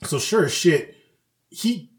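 A man's voice: a little high, expressive, slow. A man co-hosting a podcast who tells stories casually, swears freely and acts out the characters he quotes. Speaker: podcast co-host. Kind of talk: casual chat. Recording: echoey room.

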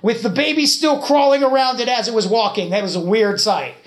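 A podcast host spins a rambling story in easy conversation, swearing freely and telling it with animation. The voice sits at a middle pitch. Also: brisk, slight background noise. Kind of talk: casual storytelling chat.

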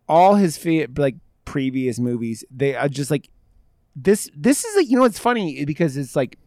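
A man's voice: mid-range voice, a little mellow, no echo, clean studio sound. A man co-hosting a podcast, talking about a film in a rambling, jokey way, with plenty of swearing and filler words. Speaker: podcast co-host. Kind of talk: casual film discussion.

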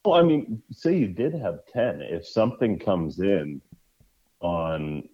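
A man's voice: sits low, big pitch swings, slow pace, breathy edge, highs cut off. A man co-hosting a casual chat, chiming in with dry quips. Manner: dry joker who chimes in with quips. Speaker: podcast co-host.

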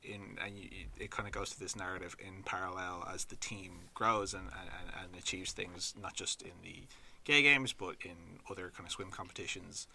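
A man's voice: deep voice, moderate pace, creaky, bright, forceful tone, a little hiss or hum. A man on a podcast describing a documentary, hesitant, with many "um"s and "kind of"s. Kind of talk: casual film review chat.

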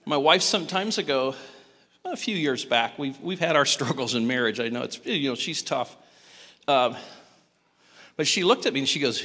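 A man in his fifties, a pastor giving a sermon with lively, joking storytelling and sudden jumps in pitch. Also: moderate pace, in a large hall.

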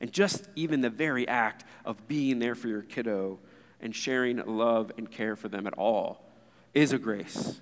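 A man's voice: medium pitch, measured pace. A man in his thirties preaching a sermon as pastor, earnest and conversational, with asides to the congregation. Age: 30s. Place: church sanctuary. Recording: long reverb of a church hall.

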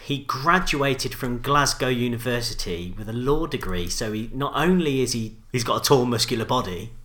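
Bright-voiced man, teasing. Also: mid-range voice, animated, moderate pace. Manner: dry teasing questions, laughs along. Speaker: podcast co-host. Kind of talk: casual chat.

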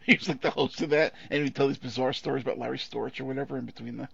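A man co-hosts a podcast in loose, irreverent chat, rambling through old films and laughing as he goes. He talks fast, and his voice is gravelly. The audio is dry and dull, like a lo-fi home recording. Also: medium pitch, fairly even intonation, fairly bright tone, no room sound. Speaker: podcast co-host. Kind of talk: casual chat.

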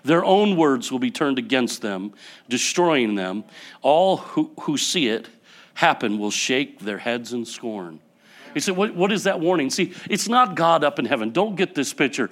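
A man preaching a sermon to his church, building up to loud passionate peaks and then dropping to quiet, soft passages. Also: medium pitch, very animated, a little slow. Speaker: pastor.

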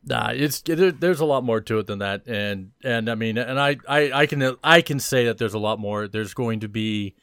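A man who tests games, explaining in a casual gaming discussion with stammers and rushed run-on sentences. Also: medium pitch, fairly bright tone, smooth, no echo. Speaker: podcast panelist, game tester.

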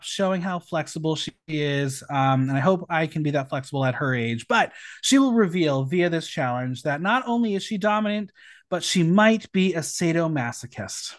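A man hosting a casual podcast recap, telling it in a lively, playful way with dry asides. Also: fairly high pitch, normal speed, no room sound. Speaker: podcast host.

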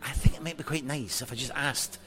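A Scottish man hosting a whisky show on location, joking and asking halting questions. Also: mid-range voice, fairly even intonation, fairly bright tone. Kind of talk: on-location interview.

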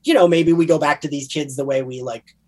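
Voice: medium pitch, fairly even intonation, brisk. A podcast co-host with a New Jersey accent, rambling in casual chat about a TV series with many fillers and restarts.

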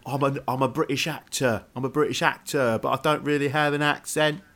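A man doing a quick impression of a male actor who speaks with a transatlantic accent in an offhand way. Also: medium pitch, fairly even intonation, fairly bright tone, close to an everyday voice. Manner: mock-casual impression. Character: adult male actor, mid-Atlantic accent, breezy.

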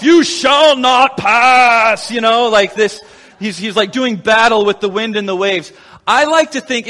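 Pastor, male, high voice, lively storyteller who acts out quotes, long reverb of a large hall. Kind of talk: sermon.

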